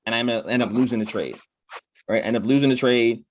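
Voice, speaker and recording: A motivational speaker, male, talks casually and fast, repeating "right?" after nearly every point and quoting his inner voice aloud. His pitch is medium with fairly even intonation, and there's slight background noise.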